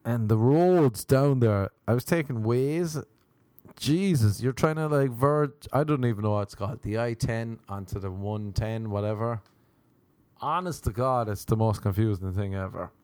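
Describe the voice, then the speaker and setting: A young man doing a rambling, profane comedic monologue as a comedian, slipping into quick impressions. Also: medium pitch, a little mellow, no echo, studio quality.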